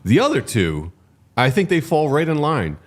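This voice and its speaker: A man's voice: on the high side, wildly swooping pitch, moderate pace. A man co-hosting a sports talk show, joking along with short, playful replies. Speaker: co-host.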